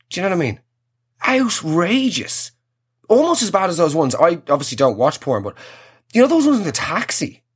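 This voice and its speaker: A young Irish man riffs through a profane, self-mocking comic rant. His voice swings lively from high to low with a faint husk. He rambles and restarts, piling on exaggerations. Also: normal speed, slightly rough. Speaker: comedian. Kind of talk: comic monologue.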